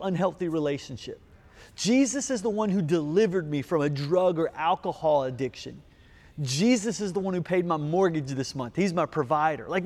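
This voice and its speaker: A man's voice: high voice, darkish tone. A man preaching a sermon as pastor, earnest and emphatic, asking rhetorical questions.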